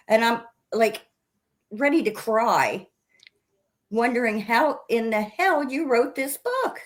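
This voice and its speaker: A woman hosting a book interview, effusive and animated as she tells how a book affected her. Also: a little high, slow pace. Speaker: podcast host. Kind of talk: casual interview chat.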